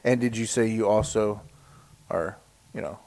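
A man's voice: on the low side, creaky, a little mellow. A man co-hosting a podcast in casual chat, reading out listener comments and laughing easily. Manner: chatty, quick to laugh.

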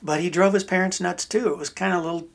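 A man's voice: high-pitched, fairly even intonation, fast, gravelly. A middle-aged man hosting a podcast, telling a story in a rambling, folksy way with many restarts. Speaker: podcast host. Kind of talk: casual storytelling chat.

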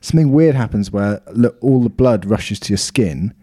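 A man's voice: on the low side, lively intonation, moderate pace, dark tone, breathy edge. A man hosting a podcast, chatting casually and reading out reviews with frequent laughs and rambling asides. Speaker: podcast host.

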